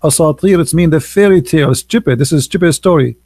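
A man hosts a live stream and preaches with emphatic scorn, repeating his points in non-native English phrasing. His voice is gravelly and dark. The sound is close and dry. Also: fairly high pitch, brisk, no echo. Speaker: livestream host.

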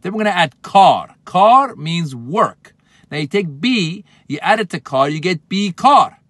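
Middle-aged male comedian, comic explainer, swings high and low, bursts into mock scolding. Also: unhurried. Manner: animated, acts out exasperated outbursts. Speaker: comedian teaching words.

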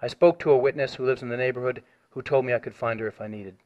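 A man reads his complaint aloud in a formal, measured way and grows insistent when challenged. The audio is dull and lo-fi. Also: mid-range voice, steady tone, background noise. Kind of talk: reading a complaint over the phone.

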